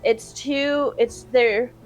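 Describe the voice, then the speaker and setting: A woman's voice: on the high side, fairly even intonation, drawn-out words, soft background music, low-quality recording. A woman player chatting casually at a tabletop game, bubbly and laughing a lot.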